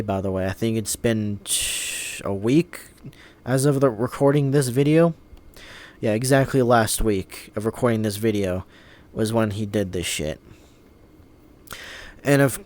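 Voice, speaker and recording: A man's voice: medium pitch, a little mellow. A young man telling a storytime about being scammed, indignant and swearing, with many fillers and restarts. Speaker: vlogger. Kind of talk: angry storytime rant.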